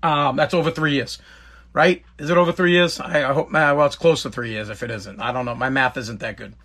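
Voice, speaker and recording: A man's voice: mid-range voice, fairly quick. A man hosting a talk show, telling a casual story in a rambling way with many restarts, and reading viewer comments aloud. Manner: animated when quoting others in the story.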